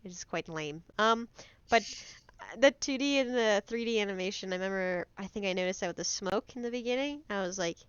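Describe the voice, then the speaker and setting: Excitable American woman, stuffy nose. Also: mid-range voice, brisk, smooth, dry recording, dull audio. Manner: excitable, swears freely, slips into a French accent. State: stuffy from allergies. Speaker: reaction video host. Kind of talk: casual reaction chat.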